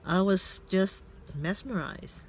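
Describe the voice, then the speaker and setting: A man's voice: sits high, slight background noise. Reflective Filipino man telling a story in his car. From Philippines. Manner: reflective, halting, with many fillers and restarts. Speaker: vlogger. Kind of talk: casual carpool vlog storytelling. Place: parked car.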